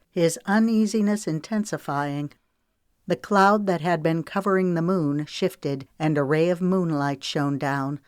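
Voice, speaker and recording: A woman author narrating her own historical novel in a measured, dramatic reading. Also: low voice, darkish tone, dry recording, studio quality. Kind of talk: audiobook narration.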